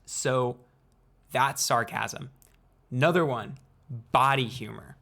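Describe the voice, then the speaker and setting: A young man hosts a casual explanatory vlog at a mid-range pitch. He is playful and unhurried and leaves deliberate pauses between phrases. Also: gravelly, sharp tone. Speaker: student video creator.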